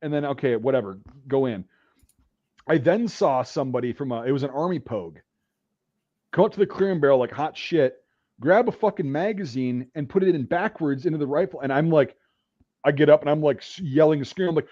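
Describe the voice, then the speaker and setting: A man telling profane army stories in casual chat, acting out the yelling. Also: fairly high pitch, quick pace, muffled recording. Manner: profane, animated storytelling, acts out yelling. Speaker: podcast host, veteran telling army stories.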